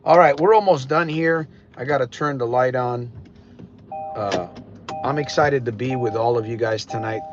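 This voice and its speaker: A man with a medium-pitched voice and normal speed hosts a live podcast stream in a Connecticut accent. His talk is casual, blunt and meandering, full of restarts, and the sound is dull and lo-fi with faint noise.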